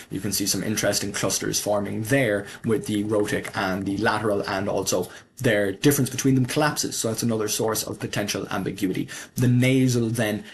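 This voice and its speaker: A man's voice: lowish voice, a little hiss or hum. A man explaining his invented language in a casual walkthrough of his screen, thinking aloud with fillers and self-corrections as he goes. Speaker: conlang creator presenting his language.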